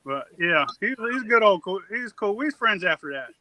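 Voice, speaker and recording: A man's voice: high-pitched, very animated, brisk, bright, forceful tone, slight background noise, low-quality recording. A man telling a long, rambling, profane story on a casual podcast.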